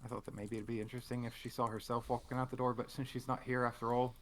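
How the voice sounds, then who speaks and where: A man narrating as game master in a tabletop game, halting with many fillers. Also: medium pitch, flat delivery, a bit bright, a little hiss or hum, rough recording.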